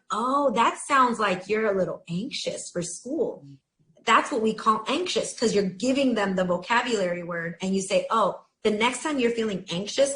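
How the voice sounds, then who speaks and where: A woman hosting an interview, chatty and animated, acting out children's complaints while asking questions. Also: medium pitch. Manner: chatty, animated, acts out kids' voices. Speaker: host, interviewer. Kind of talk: casual interview. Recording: roomy echo.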